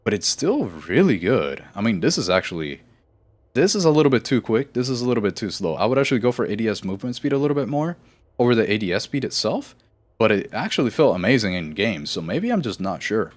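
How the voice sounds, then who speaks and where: A man's voice: on the low side, very animated, fast talker. A man streaming a game live, chatting casually in a rambling, self-correcting way and laughing easily.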